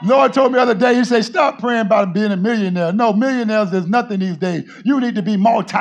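A male pastor preaching a sermon, often shouting to his congregation and calling on them to answer. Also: high-pitched, fast, few pauses, a faint crowd, slight background noise.

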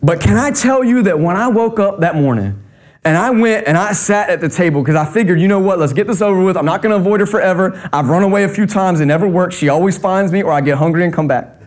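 A man's voice: high voice, expressive, fast. Storytelling Southern preacher man. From North Carolina. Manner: conversational storytelling, humorous. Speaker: pastor. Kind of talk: sermon.

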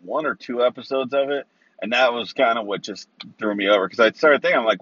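A man rambles through a profane, casual monologue, peppering his talk with rhetorical asides. His voice sits on the low side. The recording is dry and a little dull. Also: a little fast, no echo. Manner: rambling, heavy swearing, rhetorical "right?" asides. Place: Los Angeles area. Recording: dry, slightly dull sound.

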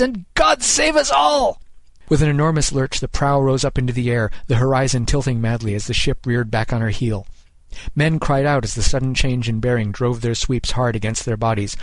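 A man reading a science fiction story aloud in a measured, dramatic storytelling voice. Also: mid-range voice, no echo. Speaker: narrator. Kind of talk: scripted story narration.

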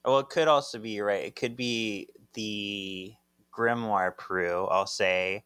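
A young man co-hosting a podcast, retelling a comic in casual chat, animated and laughing often. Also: lowish voice, slow pace, smooth, dry recording. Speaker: podcast co-host.

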